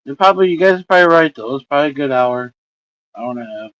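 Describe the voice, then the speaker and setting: A man's voice: medium pitch, lively intonation, fast, fairly bright tone, dry recording, rough recording. Profane, rambling man chatting with viewers. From Indiana. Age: 40s. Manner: profane, rambling, swears constantly. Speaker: livestream host. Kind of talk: casual chat with viewers. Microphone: streaming setup microphone.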